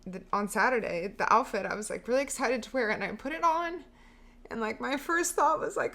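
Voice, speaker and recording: A woman's voice: high-pitched, animated, moderate pace. A woman in her thirties co-hosting a podcast, talking in a chatty, emotional way with lots of "like". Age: 30s. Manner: chatty, emotional, heavy use of "like". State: sweating. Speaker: podcast co-host. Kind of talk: casual chat.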